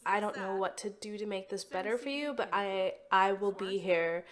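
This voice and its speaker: A woman voicing a gentle female friend in her life-sim game, soft and reassuring with halting restarts. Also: mid-range voice, fairly even intonation, natural voice.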